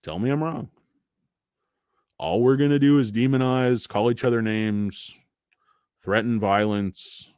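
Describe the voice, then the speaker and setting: A man's voice: mid-range voice, fairly even intonation, unhurried, long pauses, darkish tone, clear, resonant tone, no room sound, studio quality. A man hosting a stock market show, talking casually with blunt, profane opinions and rambling asides full of fillers. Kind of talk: casual livestream rant.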